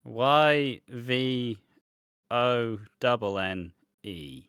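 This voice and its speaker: Blunt, sweary man, smooth bright voice. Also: medium pitch, drawn-out words, no echo, studio quality. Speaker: podcast co-host. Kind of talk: casual podcast chat.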